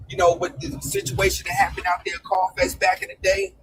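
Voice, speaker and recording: Gravelly, rambling male caller. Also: sits high, sing-song, fairly quick, noisy background. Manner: rambling, many fillers, acts out quotes. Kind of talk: call-in chat.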